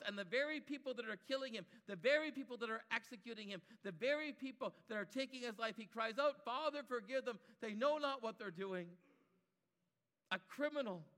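A man's voice: extremely high pitch, sharp tone, in a large hall. A man preaching a sermon, building his points through emphatic repetition.

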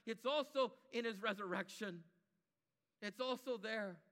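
Man, preacher, sermon, high voice, emphatic repetitive cadence. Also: unhurried, fairly bright tone, big-room sound.

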